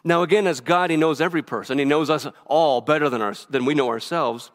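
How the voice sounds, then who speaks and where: A male pastor preaching a sermon quickly and earnestly, often restarting his phrases. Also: fairly high pitch. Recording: reverberant hall.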